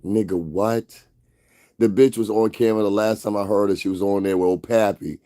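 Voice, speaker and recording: Man, somewhat low voice, profane rambling livestream rant, drawn-out emphasis. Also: fairly even intonation, mellow. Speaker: livestream host.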